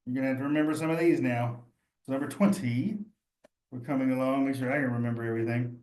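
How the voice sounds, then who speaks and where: A man's voice: mid-range voice, fairly even intonation, quick pace, a little mellow. Male instructor, chatty and encouraging, mid-range voice, roomy echo. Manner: chatty, addresses students directly, thinks aloud. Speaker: cheese instructor. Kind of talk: live online study session.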